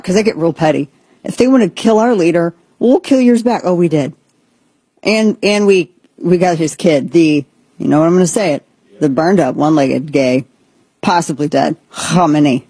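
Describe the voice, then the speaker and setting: Woman, political talk host, sarcastic, rambling, dark husky tone. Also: on the low side, no echo. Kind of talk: opinionated political commentary.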